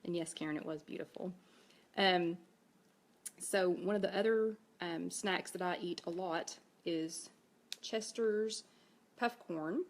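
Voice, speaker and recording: Gravelly East Tennessee woman chatting live. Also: on the low side, slow pace. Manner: chatty, reads viewer comments aloud. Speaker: host. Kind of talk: casual Facebook Live chat.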